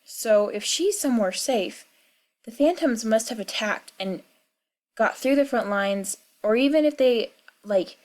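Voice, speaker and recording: A woman's voice: on the high side, lively intonation, measured pace, darkish tone. A young woman casually talking through game lore, musing and thinking aloud with fillers. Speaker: video creator.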